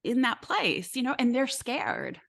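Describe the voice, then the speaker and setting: A woman's voice: fairly high pitch, wildly swooping pitch, a little slow, vocal fry, a bit bright. A woman hosting a podcast, chatting casually and laughing along with her guest. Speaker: podcast host. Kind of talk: casual chat.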